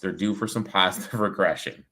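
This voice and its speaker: A man from the United States hosts a casual sports betting show. His low voice has a bright, forward edge. He chats loosely and reels off baseball numbers. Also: brisk. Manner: loose, chatty, rattles off stats.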